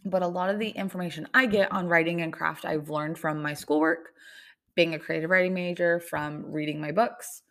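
Gravelly-voiced young woman, rambling podcast chat. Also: lowish voice, fairly even intonation, moderate pace, a bit bright. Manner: rambling, many "like" fillers. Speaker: podcast host. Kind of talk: casual solo podcast chat.

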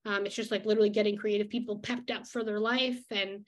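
A young woman who vlogs as an illustrator chats casually about her daily routine, sprinkling in lots of "like" and easy laughter. Her medium-pitched voice is steady in tone and fast.

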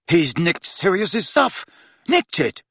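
A man's voice: high-pitched, big pitch swings, slow, creaky, fairly bright tone, husky, no room sound, pitched above the performer's own voice, full character voice. A man reading the part of an angry, hot-tempered teenage wizard who snarls his words in an audiobook. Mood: furious. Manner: snarling, furious.

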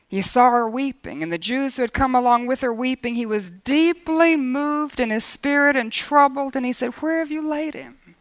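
A woman's voice: high voice, no echo. A middle-aged woman preaching earnestly, acting out quoted prayers as she teaches. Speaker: Bible teacher. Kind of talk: sermon.

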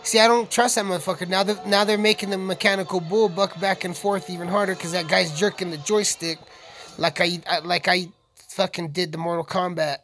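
A man's voice: high voice, fairly even intonation, fairly quick, a bit bright. A man giving a casual, profane, rambling reaction commentary on a film, joking with viewers. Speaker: video commentator.

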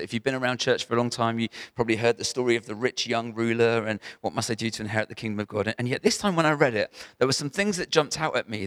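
A man's voice: medium pitch, fairly bright tone, no echo. A man preaching a sermon to a church gathering, in a conversational, emphatic way with frequent restarts.

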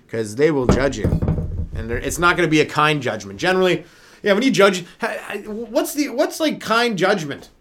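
A young man with a slightly high voice rambles loosely through a comedy monologue. He swears freely and keeps breaking into silly put-on voices. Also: noisy background. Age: young adult. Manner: profane, rambling, jumps into mock voices. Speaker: comedian podcast host. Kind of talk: rambling stand-up style monologue.

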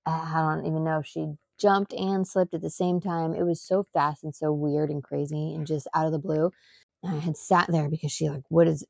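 Woman, mother hosting a podcast, casual rambling storytelling, emphatic, mellow dark tone, dry sound. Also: sits low, creaky, no room sound. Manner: rambling, with many fillers and restarts.

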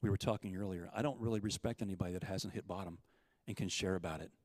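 A man preaching, telling a parable and acting out the quotes, with swings between loud urgency and hushed softness. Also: sits low, fast talker, no room sound, big-room sound. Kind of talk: sermon storytelling.

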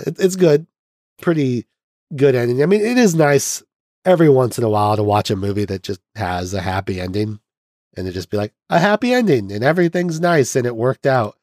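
A man's voice: fairly low pitch, moderate pace, a little mellow, no room sound. A young man hosts a podcast and walks through a film's plot in a loose, chatty way. He slips into mock voices and laughs as he goes. His voice sounds dry and close to the mic. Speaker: podcast host. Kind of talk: casual film recap chat.

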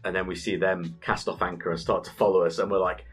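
Brief: man, 30s, husky and low-pitched, animated sweary storyteller on a casual gaming podcast, faint music underneath. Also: normal speed. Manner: animated storytelling, swears freely, laughs often.

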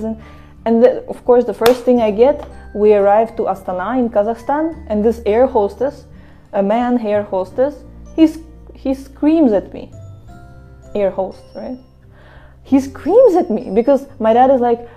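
A woman's voice: fairly high pitch, moderate pace, faint music behind. A woman from Russia living in India, giving a casual spiritual talk to her viewers and acting out the voices in her stories. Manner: animated storytelling, acts out quoted voices. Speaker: devotional speaker. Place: Mayapur, India.

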